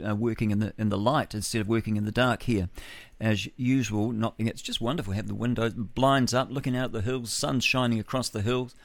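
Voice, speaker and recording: A man's voice: mid-range voice, no echo. A man hosting solo breakfast radio, musing aloud and reading news with chuckling rhetorical asides. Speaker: radio host. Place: home studio with a window.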